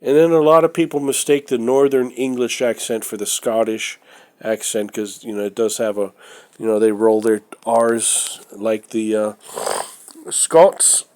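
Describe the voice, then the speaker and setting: A man's voice: on the low side, fairly even intonation, normal speed, darkish tone, clean tone. A man from the United States with a stuffy nose from a cold, showing things off in a casual vlog. He talks in a rambling, hesitant, opinionated way with many fillers. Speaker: vlogger. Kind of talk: casual show-and-tell vlog.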